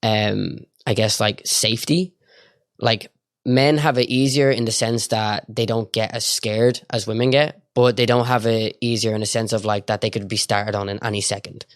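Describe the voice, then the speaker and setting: A young man with an Irish accent, a guest telling stories casually, quick and full of fillers and acted-out dialogue. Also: on the low side, steady tone, dry recording, studio quality. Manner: rapid, filler-heavy storytelling full of quoted dialogue. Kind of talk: casual storytelling.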